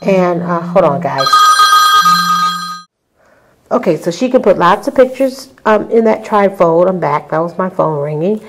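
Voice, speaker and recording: A woman's voice: on the low side, expressive, a little slow, long pauses, a little hiss or hum, low-quality recording. A woman casually walking viewers through a handmade scrapbook album, chatty and full of ums and little asides to the audience. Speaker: crafter showing a handmade album. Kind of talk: casual show-and-tell tutorial.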